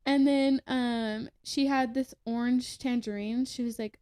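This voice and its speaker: Young woman, podcast guest, a touch high-pitched, rambling casual storyteller. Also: steady tone, normal speed, few pauses, dark tone, smooth. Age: young adult. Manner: chatty, laughing, many fillers and restarts.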